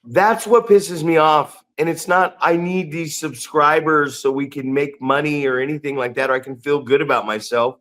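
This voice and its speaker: A podcast co-host, a man whose voice sits a little high, rants heatedly and swears freely. He talks in emphatic bursts and leans hard on his points. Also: steady tone, normal speed, hardly any pauses, a bit bright. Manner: profane, ranting, emphatic. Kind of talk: heated casual podcast talk.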